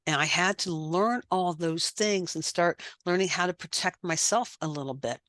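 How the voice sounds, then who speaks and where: A middle-aged woman, a life coach appearing as a podcast guest, gives candid personal testimony in a fairly low, somewhat bright voice at a moderate pace, with no room sound. She speaks earnestly and repeats phrases for emphasis.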